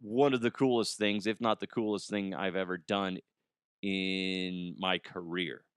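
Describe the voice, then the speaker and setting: A man's voice: deep voice, fairly even intonation, measured pace, smooth, no room sound, studio quality. Rambling profane podcast host, a man. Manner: rambling, profane, laughs at own jokes. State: congested with allergies. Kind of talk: casual comedic monologue.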